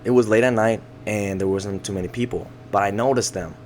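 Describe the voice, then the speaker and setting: A young man co-hosting a casual podcast, his voice sitting a little low. He tells stories in a loose, slangy way, swearing freely. A faint hiss of noise runs under the recording. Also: steady tone, fairly quick, a little mellow. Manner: laid-back storytelling, heavy slang and swearing. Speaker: podcast co-host. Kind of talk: casual chat.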